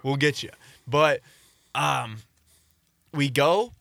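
A young man from telling a story in casual podcast chat, animated and acting out what people said. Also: mid-range voice, slow pace, creaky, dry recording, clean studio sound.

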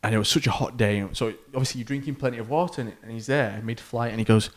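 A man's voice: mid-range voice, fast, few pauses. A young man, co-hosting a casual podcast chat and telling stories with lots of laughter. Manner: animated storyteller, laughs often. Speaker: podcast co-host, pilot.

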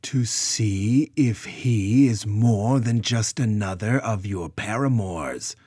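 A hostile Bigfoot elder speaks curtly and condescendingly, voiced by a man in a storybook reading. The voice is low and husky, and it is delivered slowly. It sounds dry and close. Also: expressive, a little mellow, no room sound, exaggerated voice. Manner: condescending, curt.

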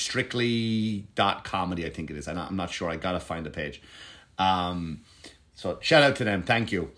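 A man's voice: on the low side, bright, forceful tone. A man who does stand-up comedy, talking casually to camera in a digressive, profane way, with frequent false starts. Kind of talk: casual rambling monologue to camera.

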